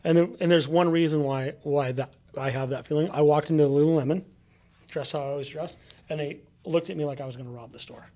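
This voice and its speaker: A man's voice: on the high side, quick pace. A man on a podcast, a guest telling stories in casual chat, acting out what people said to him. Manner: animated storyteller, acts out quotes.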